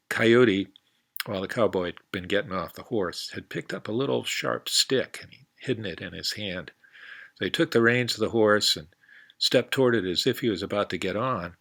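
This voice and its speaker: A man telling a folk tale for a library storytime in a folksy, relaxed way. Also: on the low side, creaky, husky. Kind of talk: storytime narration.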